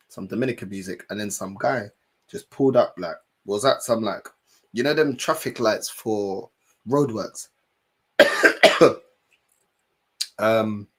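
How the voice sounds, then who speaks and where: A young man, a streamer telling a story in an animated, slangy way and swearing now and then. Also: mid-range voice, breathy edge. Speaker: streamer and fan channel host. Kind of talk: casual storytelling chat.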